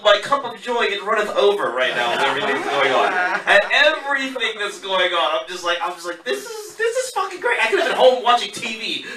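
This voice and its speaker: A man doing a stand-up comedy set at an open mic, animated and riffing on the crowd. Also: high-pitched. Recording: roomy club, far mic, loud crowd. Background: crowd laughter and noise.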